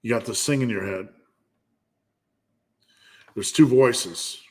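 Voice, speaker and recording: A man's voice: medium pitch, takes it slowly, pauses often, darkish tone. A man hosting a live fitness Q&A, giving a blunt, profane pep talk. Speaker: fitness channel host.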